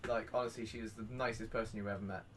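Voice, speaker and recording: A man's voice: on the low side, very fast. Young bristol guy, casual chatty co-host, lots of ums, faint background hum. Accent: Bristol English. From England. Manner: relaxed, rambling storytelling with many fillers. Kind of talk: casual chat.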